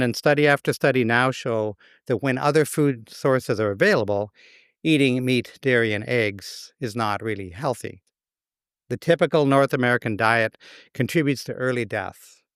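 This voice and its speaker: Man, pastor's sermon, wry humor, smooth resonant voice, dry close sound. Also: mid-range voice, no echo.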